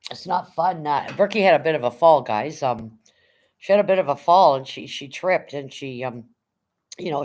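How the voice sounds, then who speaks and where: With a low-pitched, darkish tone, a middle-aged woman chats on her casual livestream, meandering through memories of former jobs. Blunt and occasionally swearing, she calls out viewers by name.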